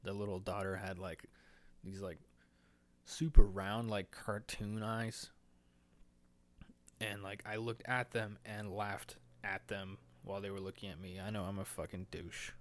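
Speaking solo into a microphone indoors, a young podcast host from the United States delivers a rambling, foul-mouthed monologue, chuckling at his own jokes while sounding nervous and slightly breathless. The voice is lowish and fairly bright, with a level tone and a slightly slow pace.

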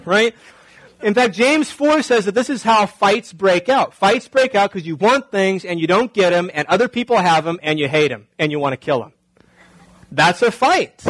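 A man's voice: sits high, animated, moderate pace, a bit bright, no room sound, poor audio. A male pastor preaching a sermon in a conversational way, often asking the congregation rhetorical questions.

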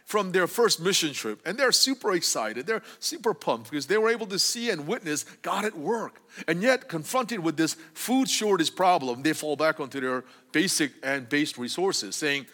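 A man delivering a conversational sermon in a church sanctuary. His voice sits fairly high and swings widely in pitch, and he keeps checking in with the congregation as he explains. A long hall reverb trails after his words. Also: moderate pace, few pauses. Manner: animated, often asking the congregation "right?". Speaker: preacher.

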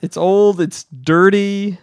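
A man's voice: slow pace, clear, resonant tone, dry recording, studio quality. A man co-hosting a podcast who tells a story in casual chat and acts out the quotes. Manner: animated storyteller, acts out quotes with pitch jumps. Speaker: podcast co-host.

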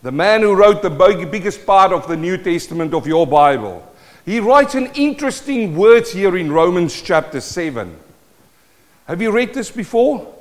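A man preaching a sermon in a South African accent, swinging from loud declaiming to a hushed voice. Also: high voice, sing-song, moderate pace. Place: church hall. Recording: long hall reverb.

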